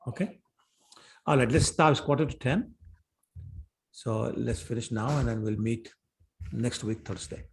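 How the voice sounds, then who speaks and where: A man ending an online class and chatting warmly, often repeating himself. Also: mid-range voice, a little slow, gravelly, long pauses. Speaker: class teacher. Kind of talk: end of an online class, casual chat. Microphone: video call.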